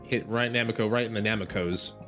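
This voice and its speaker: A man streaming a video game, making joking, animated asides as he plays. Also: on the low side, brisk, over music. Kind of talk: casual gameplay commentary.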